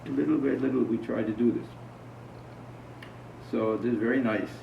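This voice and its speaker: Monk, conversational storyteller, gravelly voice, recorded from afar in an echoey room. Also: male voice, mid-range voice, fairly even intonation, moderate pace, a little hiss or hum. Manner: conversational, asks the audience questions. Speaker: monk giving a spiritual talk. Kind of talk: informal spiritual talk with storytelling. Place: talk to a small gathering. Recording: roomy, distant, dull sound.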